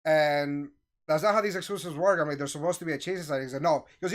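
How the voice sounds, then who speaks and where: A man with a somewhat higher voice tells a story in a relaxed, chatty way. He gets animated, acting out the lines of the people in it. It sounds like casual storytelling among friends. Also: fast talker. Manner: animated, acts out quoted voices. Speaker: host telling a story.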